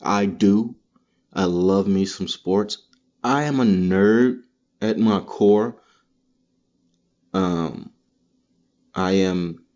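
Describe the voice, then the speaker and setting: Deep, mellow-voiced man ranting casually. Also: muffled recording. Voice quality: profane, rambling, animated storytelling. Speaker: podcast host. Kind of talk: casual comedic monologue.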